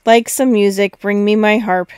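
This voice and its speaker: Storybook giant, greedy and demanding, booming lines, read by a woman, smooth clear tone. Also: steady tone, normal speed, a little mellow, no echo, studio quality, natural voice. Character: loud, greedy male giant ogre.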